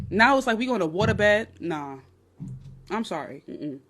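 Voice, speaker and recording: Blunt, animated woman with a New York accent. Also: mid-range voice, moderate pace. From Nigerian, raised in New York. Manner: blunt, animated, crude humor. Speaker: dating advice livestream host. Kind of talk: casual livestream chat. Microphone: phone.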